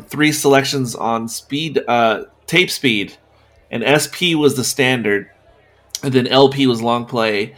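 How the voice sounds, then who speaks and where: A man co-hosting a casual film podcast, explaining and telling stories in a relaxed way. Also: medium pitch. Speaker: podcast co-host.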